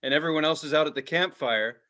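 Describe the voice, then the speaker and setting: A man in his forties, a podcast co-host telling animated, profane stories and laughing at his own lines. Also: on the high side, fast talker. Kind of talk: casual storytelling.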